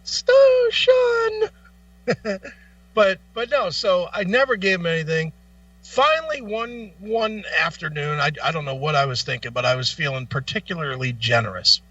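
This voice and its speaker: A man co-hosting a talk show, telling a long profane anecdote in a casual, animated way. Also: a little high, moderate pace, recorded from a distance, highs cut off. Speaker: co-host. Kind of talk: casual storytelling.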